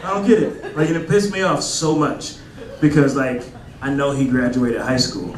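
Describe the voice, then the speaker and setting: A man's voice: medium pitch, moderate pace. A man in his thirties doing a stand-up comedy set in a club, loose and conversational, with lots of fillers. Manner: loose and conversational, lots of "like", acts out voices in quotes. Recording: roomy club sound with crowd laughter. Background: audience laughing.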